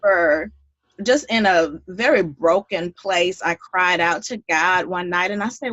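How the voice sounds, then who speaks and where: A woman's voice: fairly low pitch, unhurried, a bit bright, dry recording. Woman, 30s, earnest guest storyteller, dry lo-fi recording. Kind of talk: podcast interview.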